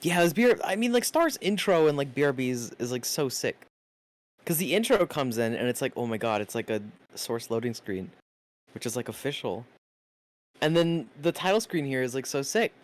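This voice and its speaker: A man's voice: medium pitch, fairly quick. A male streamer chatting casually with his viewers, reading out chat and swearing often. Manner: lively, swearing, laughing, reads chat aloud.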